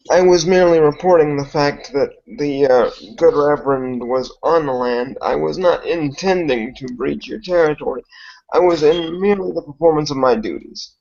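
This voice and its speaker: Gravelly-voiced player, hesitant and polite, muffled lo-fi sound. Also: male voice, on the high side. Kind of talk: tabletop role-play. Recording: muffled lo-fi recording.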